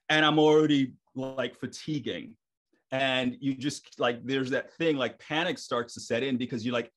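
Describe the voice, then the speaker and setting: A middle-aged man, a stage performer guest on a podcast, telling stories in a lively way and acting out his own thoughts. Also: mid-range voice, normal speed. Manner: animated, acts out his own inner thoughts. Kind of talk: casual storytelling interview.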